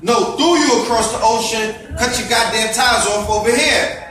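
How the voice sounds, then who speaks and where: In an indoor event space, a man with a very high, bright and forceful voice delivers an impassioned lecture at normal speed to a gathering. He's preachy and fiery, firing off rhetorical questions, and the echoey recording places him far from the mic.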